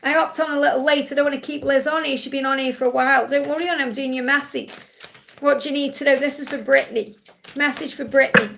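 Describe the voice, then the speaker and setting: A woman's voice: high voice, fairly even intonation, fast talker, vocal fry, a bit bright, a little hiss or hum. A woman hosting a live spiritual reading stream on a tablet, relaying messages in a soothing, reassuring way. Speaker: psychic reader hosting a live Q&A.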